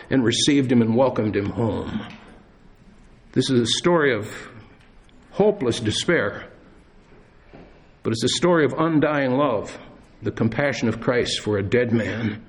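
A pastor preaching a sermon in church, earnest, slowing down and pausing for emphasis. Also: male voice, medium pitch. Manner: earnest preaching with dramatic pauses and slowed emphasis.

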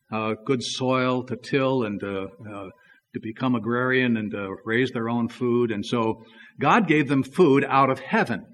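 A man's voice: medium pitch, a bit bright. A man preaching a sermon in an easygoing, conversational way, telling a story and reading scripture with plenty of fillers.

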